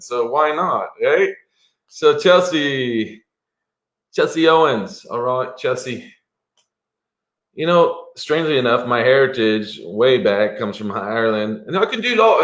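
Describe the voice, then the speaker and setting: A man's voice: on the low side, fairly bright tone. Chatty psychic man, echoey room. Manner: chatty, rambling, with frequent chuckles. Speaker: psychic tarot reader. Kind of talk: live-stream tarot reading.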